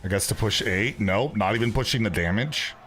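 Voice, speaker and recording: A man's voice: fairly low pitch, brisk, fairly bright tone, a little hiss or hum. A man, chatting casually while streaming a card game, joking and often repeating his words as he thinks aloud. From Canada. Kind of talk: casual gameplay commentary.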